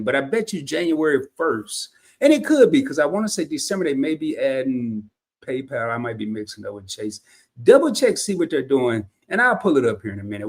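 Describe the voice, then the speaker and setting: Brief: man, livestream host, fairly high voice that jumps all over, folksy and slangy, casual chat to viewers at a laptop. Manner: animated and folksy, loose slangy phrasing.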